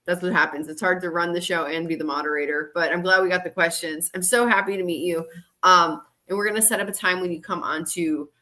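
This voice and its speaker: Giggly woman running a livestream giveaway, chatty, bright tone, computer mic. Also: lowish voice, steady tone, fast. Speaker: livestream moderator and co-host. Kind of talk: casual livestream chat.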